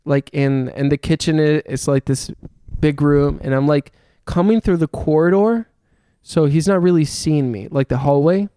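A man's voice: on the high side, normal speed, few pauses, dark tone, clear, resonant tone, no room sound, clean studio sound. A young man telling a long story in casual chat, swearing often and laughing as he goes.

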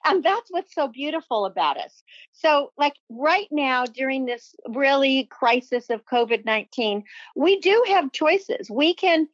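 A woman's voice: high-pitched, sing-song, unhurried, no room sound. A woman guest on a podcast, talking from her home office in an effusive, upbeat, motivational way. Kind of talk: enthusiastic interview talk. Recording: dull, lo-fi sound.

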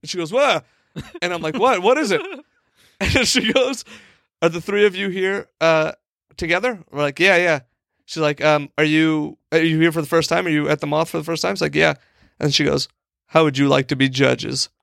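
A young podcast co-host spins a long, rambling comic story packed with "like" and acted-out quotes from other people. His voice is fairly high, fairly even and moderately paced, creaky and fairly bright, in a dry, studio-quality recording.

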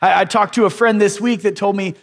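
A man's voice: high voice, fairly even intonation, brisk. A man in his thirties, a pastor telling stories in a casual, self-deprecating sermon with many restarts.

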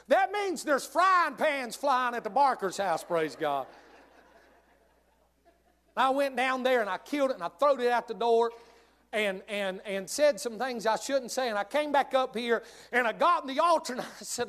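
A male pastor preaching a sermon, telling humorous stories in an animated way. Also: very high voice, normal speed.

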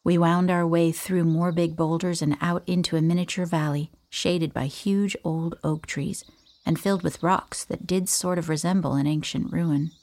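A woman reading a first-person audiobook in a calm, even storytelling manner. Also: on the low side, moderate pace. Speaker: audiobook narrator.

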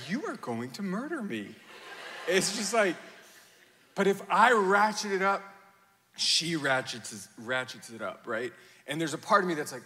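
A man in his thirties preaching a sermon, telling a family story with animated acted-out quotes and self-mocking laughter. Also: mid-range voice. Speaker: pastor. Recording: long hall reverb.

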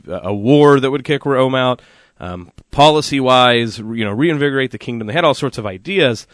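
Male co-host, casual faith talk, lively storyteller, mid pitch, dead-dry room. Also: no room sound. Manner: animated storytelling with many fillers. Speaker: radio co-host.

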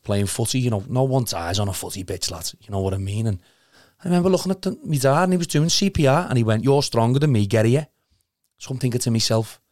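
A man's voice: on the low side, darkish tone, no room sound, studio quality. A young man with a Liverpool accent telling an emotional story in casual chat, rambling, earnest and swearing a lot. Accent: Liverpool (Scouse). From Liverpool, England.

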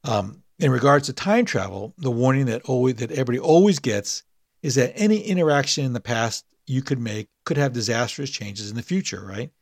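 A man's voice: mid-range voice, animated, fairly quick, gravelly, no room sound, clean studio sound. A man hosting a podcast, reading his own story and then chatting in a rambling way, full of fillers and restarts. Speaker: podcast host and author. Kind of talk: story reading and casual chat.

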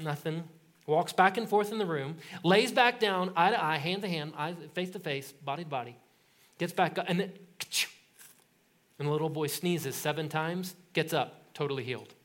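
A man with a rather high voice preaches to his congregation like he is chatting with friends. He tells the story with energy and humor, and now and then he jumps into the voices of the people in it. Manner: animated storytelling, acts out voices in quotes; casual, joking tone. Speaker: pastor. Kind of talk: sermon.

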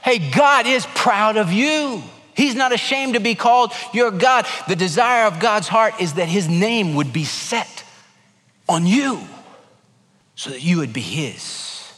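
Man, pastor, lively sermon delivery, emphatic then hushed, slightly high voice, long hall reverb. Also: unhurried, soft background music. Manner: animated preaching, swinging between emphatic and hushed.

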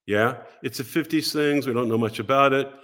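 An older American man appears as a podcast guest, telling a story casually and animatedly while doing the voices of the people he quotes. His voice is mid-range and his pace moderate.

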